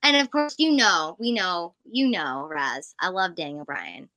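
A woman co-hosting a casual chat over a remote call, her voice bright and forceful. She talks in an excitable, rambling way, hopping from one thought to the next, and the sound is close and dry with no room around it. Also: lowish voice, measured pace, dry recording. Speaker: podcast co-host.

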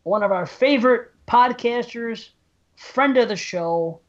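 A man co-hosting a podcast, excited and out of breath, joking and laughing easily in casual banter. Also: extremely high pitch, a little slow. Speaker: podcast co-host. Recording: dull lo-fi sound.

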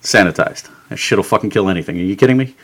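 Talking very fast in a voice on the low side, a man hosting a podcast from his home studio rants with anger and sarcasm, swearing throughout in a profane comedic tirade.

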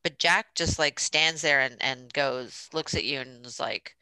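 A woman's voice: very deep voice, unhurried, bright, forceful tone, clean tone, no echo, poor audio. A woman co-hosting a podcast, telling stories in a blunt, joking, casual way. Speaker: podcast co-host, doula. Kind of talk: casual chat.

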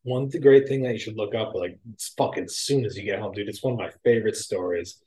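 A man's voice: lowish voice, quick pace. A man hosting a casual podcast chat, swearing freely and acting out the people in his stories. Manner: profane, animated storyteller acting out quotes. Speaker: podcast host.

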